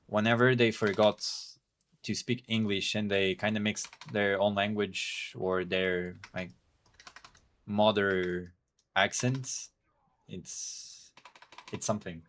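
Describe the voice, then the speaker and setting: A man whose first language is Portuguese, chatting casually and haltingly while streaming a game and thinking aloud. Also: on the low side, a bit bright, a little hiss or hum. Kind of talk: casual gameplay stream chat.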